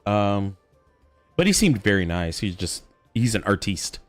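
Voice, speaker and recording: Laid-back, low-voiced man streamer. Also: big pitch swings, measured pace, no echo, faint music behind. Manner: laid-back, casually profane, reacts aloud to the game. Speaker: streamer host. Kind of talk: casual chat while gaming.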